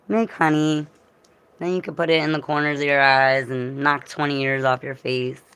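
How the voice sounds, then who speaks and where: A woman with a raspy voice that is still recovering, chatting casually and rambling between jokes and bits of song. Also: sits low, a bit bright. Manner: rambling, joking, breaks into song. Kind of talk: casual vlog with singing.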